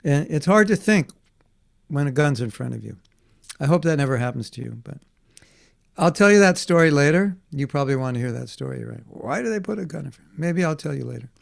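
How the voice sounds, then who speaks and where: Brief: man telling children stories, a little high, gravelly, acts out quotes. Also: brisk. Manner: animated, acts out voices in quotes. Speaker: teacher. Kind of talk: storytelling class for children.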